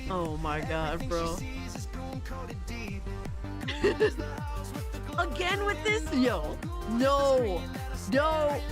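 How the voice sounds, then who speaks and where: Woman streamer yelling and cussing at clips, music playing loud under her. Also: a little high, big pitch swings, takes it slowly. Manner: loud, exasperated, swearing, often shouting in disbelief. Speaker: streamer reacting to viewer videos. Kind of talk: live-stream reaction commentary.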